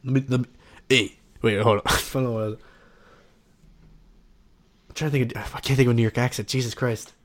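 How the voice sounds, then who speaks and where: A man co-hosting a podcast, joking loudly and crudely with a friend in casual banter, often trailing off mid-thought. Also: medium pitch, steady tone, a little fast, long pauses.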